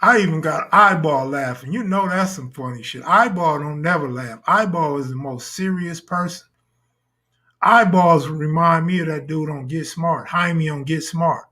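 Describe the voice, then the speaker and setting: A man's voice: fairly high pitch, moderate pace, pushed and bright. A man hosting a live stream in casual talk, full of crude, boastful joking banter.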